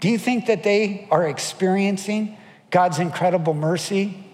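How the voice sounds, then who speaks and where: A man preaching a sermon from the pulpit, his voice sitting high for a man. A long reverb from a large hall trails after every phrase. He tells stories, acts out what people said, and keeps turning to the audience with questions. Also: normal speed, a little mellow. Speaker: pastor.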